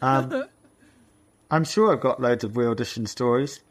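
A man guests on a podcast, pausing and restarting as he hunts for an answer. His voice sits at a middle pitch for a man. He speaks casually with fillers. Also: big pitch swings. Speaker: guest, co-founder. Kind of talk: casual interview.

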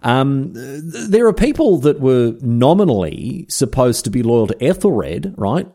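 Lively man telling history. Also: medium pitch, unhurried, creaky. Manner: chatty and irreverent, full of slang asides. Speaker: podcast host. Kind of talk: casual history storytelling.

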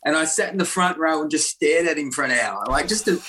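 A man's voice: a little high, expressive, fast, sharp tone. A man, a comedian swapping bawdy stories in casual chat and laughing often.

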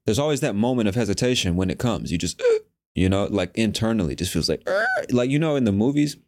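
Man, very low voice, young adult, podcast host, swearing a lot, animated slangy rambling. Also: a little fast. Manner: profane, animated, slangy storytelling. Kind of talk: casual solo podcast monologue.

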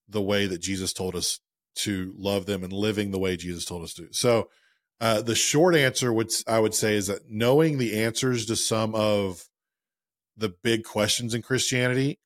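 A man in his thirties co-hosting a podcast, chatting in a relaxed, self-deprecating way. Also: on the low side, dry recording, studio quality. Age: 30s. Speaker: podcast co-host. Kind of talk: casual podcast chat.

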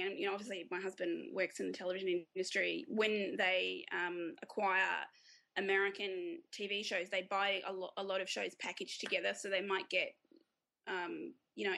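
Bright, gravelly Australian woman. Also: mid-range voice. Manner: chatty, laughs easily, frequent restarts. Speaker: guest author. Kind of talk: casual interview chat.

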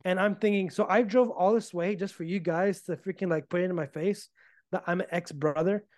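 A man being interviewed, telling his story in a casual, animated way and acting out the arguments he reports. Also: high voice, brisk, no echo, clean studio sound. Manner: animated, acts out quoted arguments. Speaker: podcast guest.

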